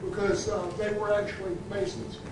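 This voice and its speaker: High-pitched male participant, rambling, far from the mic in an echoey room with noise. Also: little pitch movement, moderate pace, crowd noise. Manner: rambling, repeats himself. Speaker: class participant. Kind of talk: casual chat. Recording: roomy and distant with clear noise.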